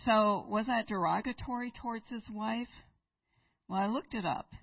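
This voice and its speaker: A woman's voice: a little high, normal speed, creaky, no echo, distant mic, lo-fi sound. A woman preaching in church, retelling a Bible story and asking her listeners rhetorical questions. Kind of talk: sermon.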